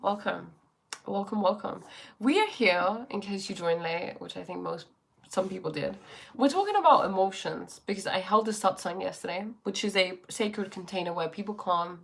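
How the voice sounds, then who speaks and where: A woman's voice: mid-range voice, expressive, normal speed, gravelly, breathy edge. Woman, livestream host, casual reflective chat, asks many questions, spiritual life coach. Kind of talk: casual livestream chat reading viewer comments.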